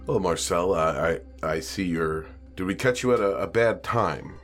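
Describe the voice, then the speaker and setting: A man voicing a polite young art student who speaks haltingly with many pauses. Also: sits low, soft background music, close to an everyday voice.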